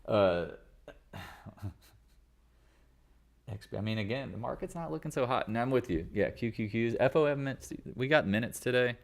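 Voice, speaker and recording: A real estate agent hosting a casual live market chat speaks with a medium-pitched, gravelly, expressive voice at a moderate pace, with long pauses. He rambles and jokes as he goes, in a self-deprecating way.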